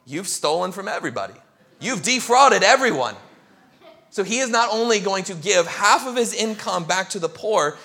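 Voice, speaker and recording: A male pastor preaching a sermon, telling a story with lively acted-out crowd voices. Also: on the high side.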